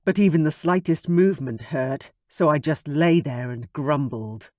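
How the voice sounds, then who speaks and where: A man narrating a first-person paranormal romance audiobook in a slow, steady way. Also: a little high, no echo, clean studio sound.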